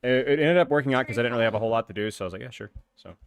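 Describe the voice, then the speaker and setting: A man's voice: medium pitch, expressive, racing, smooth. A man streaming, chatting casually with viewers while gaming, laughing often and using lots of filler words. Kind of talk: casual live-stream chat.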